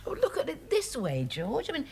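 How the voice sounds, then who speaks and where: An actress playing a dry, sardonic middle-aged wife. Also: female voice, high voice, wildly swooping pitch, brisk, gravelly, darkish tone, exaggerated voice. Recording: noisy TV soundtrack.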